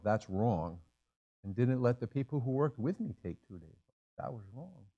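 A man's voice: fairly low pitch, dark tone. Emphatic older male preacher. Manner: emphatic, repeats phrases for effect. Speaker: pastor. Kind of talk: sermon. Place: church sanctuary.

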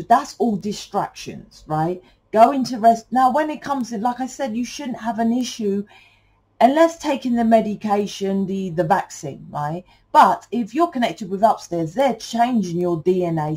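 A British woman talks through a tarot reading in a loose, rambling way and swears casually as she goes. Her voice sits at a middle pitch for a woman, and her delivery is chatty and conversational. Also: expressive, normal speed, darkish tone, slightly rough, low-quality recording. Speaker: tarot reader.

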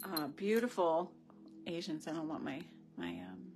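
A woman with a lowish voice guides viewers through a ritual over a phone camera. She talks in an effusive, rambling way and breaks into gushing asides. Faint music plays behind her. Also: big pitch swings, unhurried, a little mellow. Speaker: spiritual ritual leader. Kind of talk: live-streamed ritual guidance.

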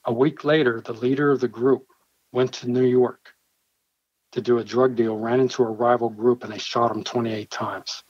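A man with a mid-range voice, a pastor recounting a dramatic story in an earnest, storytelling way, lively in how he voices the people he quotes. The sound is dry and close, with a dull, slightly lo-fi edge. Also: medium pitch, moderate pace, dry recording. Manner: earnest, vivid storyteller who acts out his own quoted dialogue. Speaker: church pastor. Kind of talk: personal storytelling in an interview.

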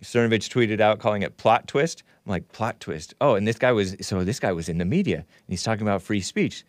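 A man's voice: fairly low pitch, lively intonation, a little fast, no echo, studio quality. A man hosting a casual livestream, rambling and laughing often as he reads comments and takes calls. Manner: rambling, laughs often, talks back to chat. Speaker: host.

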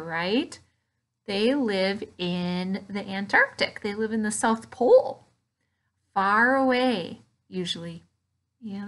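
A woman teaching an online preschool Bible lesson, animated and playful, gasping in delight as she talks to small children. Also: medium pitch.

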